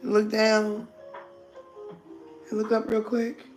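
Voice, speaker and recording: A woman's voice: a little high, completely flat delivery, slow pace, darkish tone, faint music behind. A middle-aged woman hosting a casual livestream, talking bluntly, greeting viewers by name and laughing often. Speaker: livestream host.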